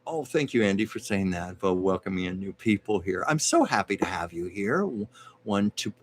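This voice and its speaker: A man hosting a casual live stream and giving card readings, talking in a measured, reassuring way with frequent hesitations. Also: sits low, sing-song.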